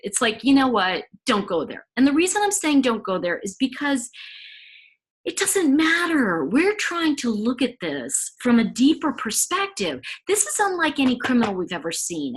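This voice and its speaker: A woman's voice: fairly high pitch, breathy edge, rough recording. A woman talking through a case in a rambling, self-interrupting casual monologue as a commentator. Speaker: true crime commentator.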